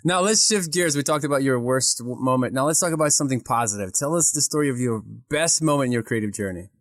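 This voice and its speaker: A man's voice: mid-range voice, fast talker, fairly bright tone, no room sound, clean studio sound. A man from Ukraine, hosting a podcast interview with enthusiasm. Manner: enthusiastic, laughs often. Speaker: podcast host. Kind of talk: casual interview.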